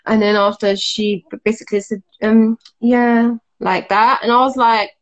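A young adult woman, telling a personal story in a halting way, full of fillers and restarts. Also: medium pitch, fairly even intonation, highs cut off.

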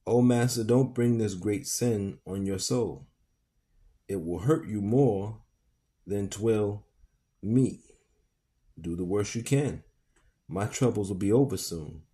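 A man reading aloud and voicing an old enslaved man who speaks calmly, slowly and deliberately. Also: lowish voice. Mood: pleading. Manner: slow, firm, deliberate. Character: old enslaved man, calm, firm, devout.

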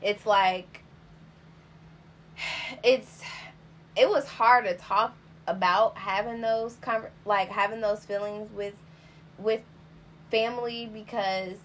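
A woman's voice: mid-range voice, fairly even intonation, takes it slowly, pauses often, a little hiss or hum. A young adult woman in casual podcast chat, speaking earnestly and reflectively in long explaining sentences.

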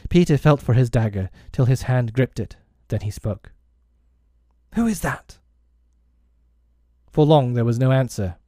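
Brief: male audiobook narrator, expressive, warm low timbre, dry close sound. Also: normal speed, few pauses, no room sound. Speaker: audiobook reader. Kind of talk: storybook narration.

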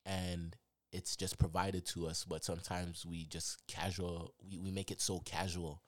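Man, co-host, casual banter, sudden excited exclamations, lowish voice, dry close sound. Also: a little slow, dry recording. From Canada. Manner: animated banter with sudden high-pitched exclamations. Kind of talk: casual chat.

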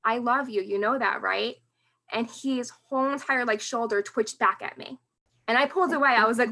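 A woman's voice: a little high, moderate pace, vocal fry, sharp tone. A woman guest on a podcast telling candid, emotional memories of her late father, often laughing through hard moments. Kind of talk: personal storytelling in podcast interview.

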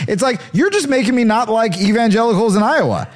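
Lively sarcastic male comedian host. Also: high voice, fairly quick, hardly any pauses. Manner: sarcastic, riffing. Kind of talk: comedic commentary on video clips.

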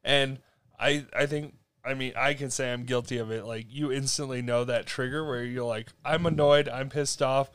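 A man's voice: mid-range voice, steady tone, normal speed, fairly bright tone, smooth, no echo. A man hosting a casual podcast, joking and laughing often and saying "like" a lot. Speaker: podcast host.

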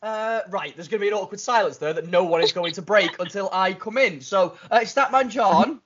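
A man hosts a casual podcast. His voice is bright and forceful and sits a little high, and his delivery is jokey and enthusiastic. The audio is slightly muffled. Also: a little fast. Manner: jokey, enthusiastic, prone to loud laughs. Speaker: podcast host.

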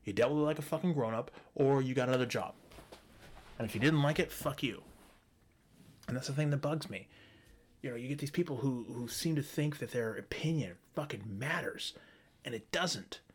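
A man's voice: medium pitch, moderate pace, breathy edge. Profane, ranting man. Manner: profane, heated, sarcastic; mocks others in put-on voices. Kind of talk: ranting monologue.

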